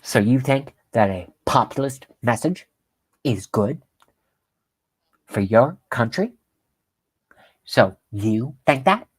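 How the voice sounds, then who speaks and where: A man's voice: mid-range voice, expressive, husky, dry recording. A man mocking a smug, condescending woman news anchor. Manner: slow, patronizing questions ending in a drawn-out hmm.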